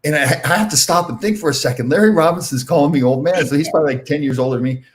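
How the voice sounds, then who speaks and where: A man in his sixties, a former hockey player and podcast host, telling excitable anecdotes in a casual chat, full of restarts. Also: medium pitch, rapid-fire, few pauses.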